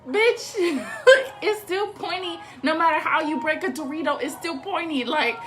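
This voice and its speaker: A young woman tells a story to her viewers in a high, bright voice. She is animated and profane, with laughing asides. Faint music sits under her voice. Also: a little slow. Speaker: storytime vlogger.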